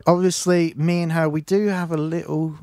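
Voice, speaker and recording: Male radio host, slightly high voice, playful teasing patter, dry booth. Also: flat delivery, moderate pace, warm tone, dry recording. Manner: teasing, jokey banter. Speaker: radio presenter. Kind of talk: casual radio chat. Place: radio studio.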